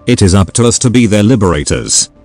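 A man's voice: on the low side, lively intonation, quick pace, vocal fry, darkish tone, faint music behind. A synthetic male text-to-speech voice reading the lines of a drunk, masked male gang leader with a sneering, profane manner. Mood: preachy.

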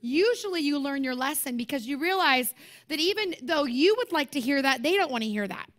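A woman's voice: high voice, animated, a little fast, a bit bright. A young woman preaching at a conference, talking to the room in a passionate, conversational way and repeating her points. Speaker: conference speaker. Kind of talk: sermon.

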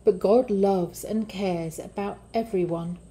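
A woman voicing a gentle, wise teacher in a children's story reading, soft and calm. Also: medium pitch, slow pace, a little hiss or hum, close to an everyday voice. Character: gentle wise shepherd-teacher, adult man.

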